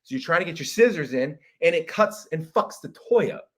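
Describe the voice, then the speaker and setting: Young male podcast host, comic rant, bright forceful tone, exasperated and profane. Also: a little high, lively intonation, normal speed. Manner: profane, exasperated, jumps into loud shouted impressions. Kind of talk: comedic monologue rant.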